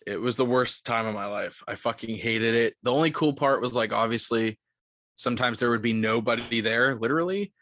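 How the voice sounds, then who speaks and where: A man's voice: mid-range voice, brisk, no room sound. A young man in his twenties, a podcast co-host telling a story in a casual, profane way, full of "like". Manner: profane, animated, lots of "like".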